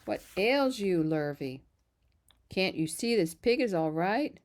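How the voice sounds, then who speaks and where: A woman reading a storybook aloud and voicing an excitable middle-aged male farmer who gets flustered and shouts. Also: medium pitch, slow pace. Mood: exasperated. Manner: flustered, loud exclamations.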